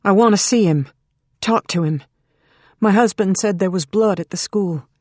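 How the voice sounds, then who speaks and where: Close to an everyday voice, medium-pitched and darkish, the narrator reads at normal speed as a determined mother under strain. The adult woman character bargains for her son with tension and bitterness, and the recording is dry with no room sound.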